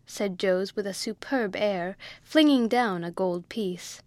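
A woman narrating a classic novel as an audiobook reader, in a measured storytelling way. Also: mid-range voice, a little mellow, no echo. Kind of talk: scripted narration.

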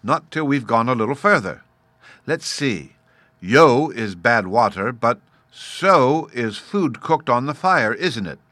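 A man's voice: mid-range voice, expressive, slow, sharp tone, no echo. A man doing a patient caveman father. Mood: explaining. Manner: patient, teasing, explaining step by step.

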